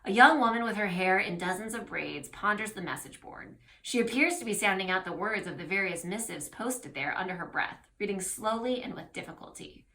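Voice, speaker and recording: A woman's voice: medium pitch, animated, brisk, hardly any pauses, pushed and bright. A woman acting as game master, reading a gamebook aloud to her players with casual asides.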